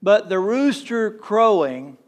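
A man's voice: high voice, very animated, slow. Joking, conversational male pastor. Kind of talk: sermon.

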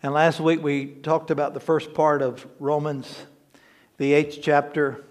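A man's voice: on the high side, level tone, unhurried. A man, lead pastor of a church, preaching an emphatic, conversational sermon that repeats key words for stress and adds humorous asides.

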